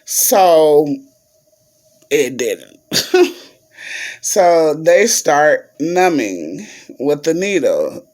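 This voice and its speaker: Slow-talking woman telling a story to viewers. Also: low-pitched, big pitch swings, a little mellow. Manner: chatty, addresses viewers as y'all, many fillers. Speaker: vlogger.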